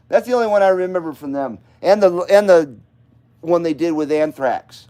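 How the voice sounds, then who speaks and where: High-voiced guy rambling on a late night stream about his radios, swears a lot, says hi to folks by name. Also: normal speed, mellow. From Nevada, US. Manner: loose, profane, chatty, greets viewers by name. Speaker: live stream host. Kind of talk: casual rambling live-stream chat.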